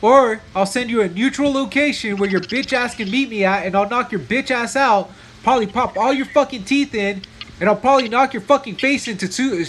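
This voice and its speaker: High-voiced man, hostile and profane. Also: fairly bright tone, slight background noise, low-quality recording. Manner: confrontational, hostile and heavily profane. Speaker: streamer playing a mobile battle game. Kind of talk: heated voice chat during gameplay.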